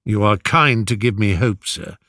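A man's voice: lowish voice, moderate pace, bright, forceful tone, no echo, clean studio sound. A man voicing an earnest young prince. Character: earnest young male prince, eager yet gloomy.

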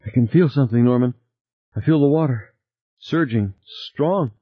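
A man doing a tense, lively woman scientist. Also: normal speed, breathy edge, dry recording. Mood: frightened. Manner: higher pitched, lively, urgent. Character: tense, determined woman scientist on a seafloor mission. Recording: tinny lo-fi recording.

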